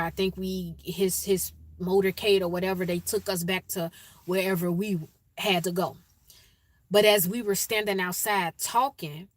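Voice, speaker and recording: With no room sound around her medium-pitched voice, this inspirational speaker from Chicago shares her own story and pleads with listeners to choose peace. She speaks with animated emphasis, stacking up repeated questions.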